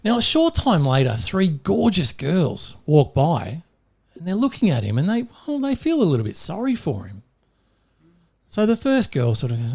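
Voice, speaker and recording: An Australian man co-hosting a podcast, telling jokes in a relaxed chatty way and breaking into laughter as he goes. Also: fairly high pitch, moderate pace, vocal fry, breathy edge. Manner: animated storyteller who laughs mid-joke. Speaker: podcast co-host. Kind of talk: casual joke-telling chat.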